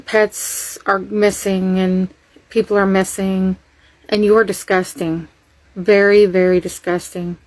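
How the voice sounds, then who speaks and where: Woman, slow disgusted scolding, dry close mic. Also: medium pitch, dry recording, low-quality recording. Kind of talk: angry reaction video.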